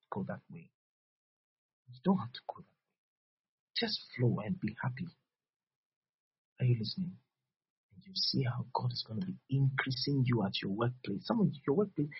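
Man, husky voice, lively up-and-down preaching, dull lo-fi sound. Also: medium pitch. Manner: repetitive, emphatic preaching with sudden loud bursts and soft drops. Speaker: pastor. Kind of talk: sermon. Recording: dull lo-fi recording.

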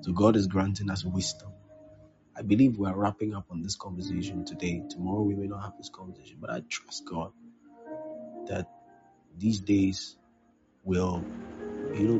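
A man who is a pastor, preaching a conversational sermon, acting out little dialogues and prodding listeners with "huh?". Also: low voice. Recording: dull lo-fi with music behind.

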